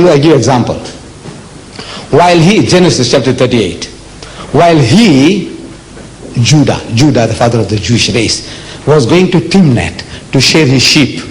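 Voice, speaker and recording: An older man from South Africa giving a public religious lecture, emphatic and deliberate, with rhetorical questions to the audience. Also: fairly high pitch, a little hiss or hum, rough recording. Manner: slow, deliberate delivery with dramatic pauses.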